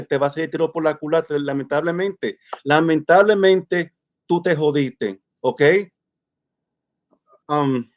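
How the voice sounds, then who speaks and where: A man rants at a streamer, angry and stammering, repeating words as he goes. His voice sits a little high. The call audio is muffled and lo-fi. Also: a little mellow. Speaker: guest caller. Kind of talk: heated rant to a streamer.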